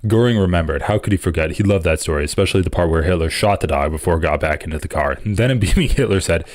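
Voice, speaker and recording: A man hosting a live political stream, reading an article aloud and breaking off into profane, animated reactions. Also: a bass voice, racing, few pauses, no room sound, clean studio sound.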